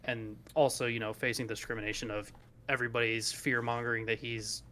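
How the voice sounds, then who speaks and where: A man's voice: medium pitch, level tone, quick pace, sharp tone. A man co-hosting a podcast in casual chat, rambling along, laughing and swearing as he talks. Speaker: podcast co-host.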